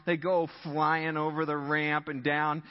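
A man preaching a sermon as pastor, telling a story in an animated way and laughing often, in a church sanctuary. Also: a little high, measured pace, long reverb tail, muffled recording.

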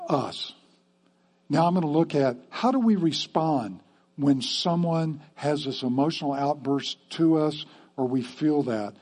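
A man's voice: on the high side, dark tone. A man preaching a sermon to his church in a conversational way, often checking in with the congregation with "okay?". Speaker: pastor.

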